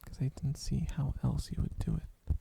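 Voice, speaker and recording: A man rambling in soft-spoken ASMR style, drowsy and meandering, often dropping into a whisper on a close microphone. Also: mid-range voice, wildly swooping pitch, moderate pace, vocal fry, background noise. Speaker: ASMR streamer.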